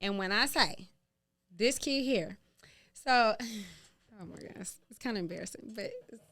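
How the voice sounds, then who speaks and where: A middle-aged woman from Louisiana, a podcast guest, telling family stories in a laughing, exclamatory, animated way. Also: medium pitch, measured pace. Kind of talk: casual storytelling chat.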